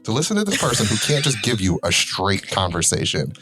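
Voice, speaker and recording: A man co-hosting a relaxed podcast talks quickly, his pitch bouncing all over the place. He plays with words and mispronounces them on purpose to keep things amusing, with the chatty energy of a teacher. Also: husky. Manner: playful, deliberately mispronounces words for comic effect; lively and talkative. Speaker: podcast co-host; teacher and presenter. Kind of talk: casual chat.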